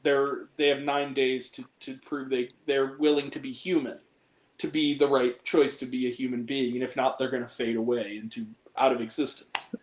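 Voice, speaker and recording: A man's voice: medium pitch, little pitch movement, normal speed, poor audio. A young man hosting a casual film talk, speaking earnestly and from the heart about a movie that moved him. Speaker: podcast host ranking films.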